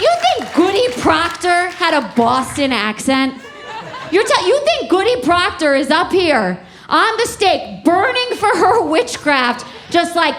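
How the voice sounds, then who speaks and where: High-voiced woman doing stand-up in a club. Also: big pitch swings, unhurried, a crowd in the background, noisy background. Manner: conversational, profane, building to shouted punchlines. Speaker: stand-up comedian. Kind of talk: stand-up comedy set. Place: comedy club stage. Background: audience laughter.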